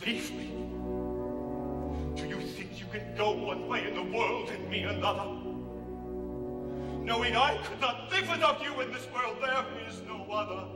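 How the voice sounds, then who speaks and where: A man playing a brooding, passionate gentleman in a stage musical, declaiming with stammered repeats, heard from a distance in an echoey theatre hall over an orchestra. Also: high voice, measured pace, long pauses, loud music behind the voice. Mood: desperate. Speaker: stage actor.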